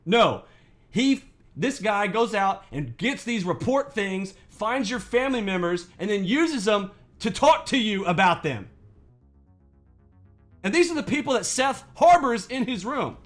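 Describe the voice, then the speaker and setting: A man's voice: high-pitched, big pitch swings, unhurried, fairly bright tone, faint music behind. A man hosting a trading channel, ranting to his viewers in an indignant, sarcastic and profane way. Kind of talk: angry rant to viewers.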